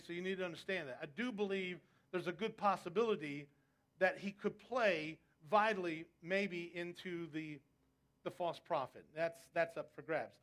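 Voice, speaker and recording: Guy preaching a sermon, pretty high voice, keeps throwing questions at the crowd. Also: a bit bright. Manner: emphatic, rhetorical questions to the congregation. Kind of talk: sermon on prophecy.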